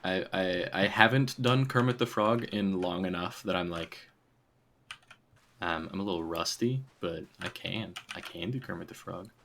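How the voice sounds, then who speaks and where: Lower-voiced man rambling on a game stream. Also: normal speed, creaky, fairly bright tone, slight background noise. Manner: rambling, chatty, laughs often. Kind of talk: casual gaming stream chat.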